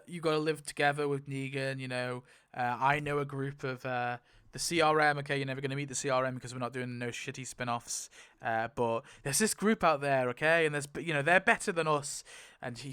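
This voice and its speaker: A YouTuber spins a wheel to rewrite a story, commenting in a casual, rambling way and getting excited over the results, briefly quoting characters. His voice is smooth and a little high.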